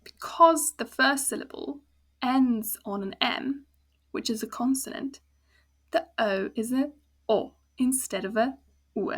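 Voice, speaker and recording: A woman with a South African accent gives a casual spoken language lesson, patiently and slowly breaking words into sounds and syllables and spelling them out. Her voice is a little high, fairly bright, and husky.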